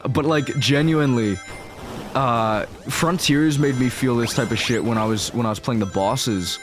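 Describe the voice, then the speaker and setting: A young man gushing through let's-play commentary, casual and excited, with slang and swearing. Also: mid-range voice, moderate pace, soft background music. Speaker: gaming streamer.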